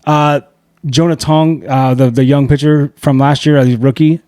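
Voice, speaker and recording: A middle-aged man co-hosting a podcast, in loose, profane banter full of quick laughs. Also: a little high, steady tone, dark tone, dry recording, studio quality. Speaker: podcast co-host. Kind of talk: casual chat. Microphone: podcast mic.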